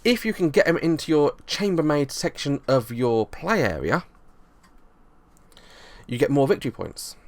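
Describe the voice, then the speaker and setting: A man's voice: on the high side, sing-song, normal speed, long pauses. A man reviewing a board game, explaining the rules in a loose, rambling way and often restarting his sentences.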